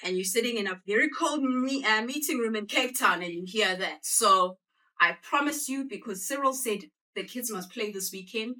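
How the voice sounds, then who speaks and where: A South African woman talks to a live audience in a loose, chatty presentation, pulling the room in with quick back-and-forth questions. Her voice is bright and forward, caught from a step back from the microphone. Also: a little high, recorded from a distance. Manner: chatty, uses call-and-response with the audience. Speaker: guest speaker. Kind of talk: conversational presentation.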